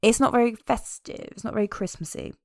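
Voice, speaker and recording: A woman's voice: on the high side, a little fast, no echo. Chatty woman with a dry, close sound. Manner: chatty, animated, amused. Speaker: podcast co-host reviewing a film. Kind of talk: casual chat.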